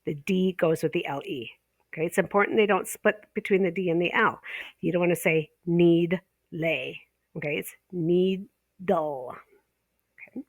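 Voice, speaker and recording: A woman teaching a pronunciation course, explaining step by step, tagging "okay?" onto her points and drawing out example words slowly. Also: on the low side, dry recording. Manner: explanatory, checks in with frequent "okay?"; slows and stretches example words. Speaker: ESL teacher trainer. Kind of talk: online course lesson.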